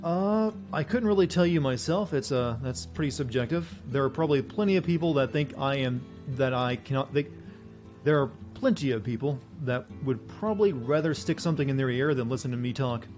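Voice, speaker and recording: A man chatting casually with his viewers while streaming a game, in a flat, deadpan voice. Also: medium pitch, a little fast, soft background music. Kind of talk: casual livestream chat.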